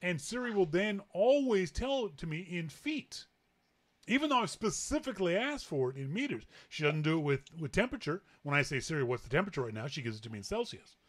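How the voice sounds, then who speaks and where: A man's voice: high-pitched, sing-song, brisk. A Canadian man hosting a tech talk show, chatting casually, laughing easily and restarting his sentences. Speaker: podcast host.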